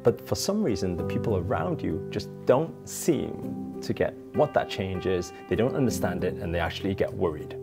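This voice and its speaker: A self-help speaker telling a personal story on his vlog, expressive and shifting between soft and emphatic delivery. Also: low voice, normal speed, creaky, loud music behind the voice.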